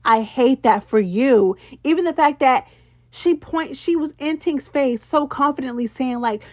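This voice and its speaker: A woman recaps a reality show in a sassy, animated way, piling on slang and talking straight to her viewers. Her voice sits a touch high. The sound is dry and a bit muffled, like a simple home setup. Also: a little slow, no room sound. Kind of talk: casual recap commentary.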